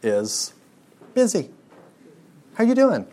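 A man's voice: on the high side, lively intonation, normal speed, background noise. A young man, giving a conversational sermon to students and asking them frequent rhetorical questions. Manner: conversational preaching with rhetorical questions and pop-culture stories. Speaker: speaker to a student audience.

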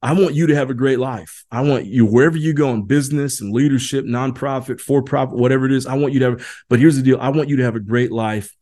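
A man's voice: mid-range voice, fast, few pauses, dark tone. A man in his forties from Indiana, hosting a leadership podcast in a rambling, folksy monologue full of restarts. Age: 40s. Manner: rambling, many restarts and fillers, folksy "y'all". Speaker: podcast host. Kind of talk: casual monologue.

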